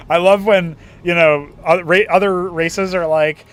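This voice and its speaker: Calling a strategy game alone, this young esports caster speaks in a fairly high, steady-toned voice. His play-by-play is chatty and fun, full of quick asides and chuckles at his own humor.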